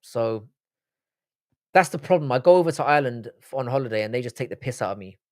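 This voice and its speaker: A man's voice: medium pitch, lively intonation, fast, no room sound. A man hosts a live stream, chatting casually and reading out viewer comments. His talk is loose and sweary, full of teasing banter. The recording is dry and close, with no room sound. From Britain. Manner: joking, sweary banter with chat.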